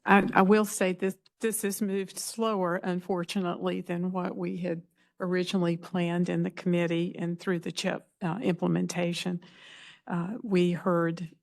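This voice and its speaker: A woman commissioner asking questions at a public meeting, speaking deliberately and searching for words. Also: lowish voice, little pitch movement, creaky, a little mellow. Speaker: commission member.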